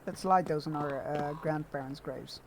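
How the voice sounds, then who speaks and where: A man's voice: a little high, normal speed. A man streaming a game, chatting casually and reading the game text aloud with asides. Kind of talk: casual let's-play commentary. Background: game music.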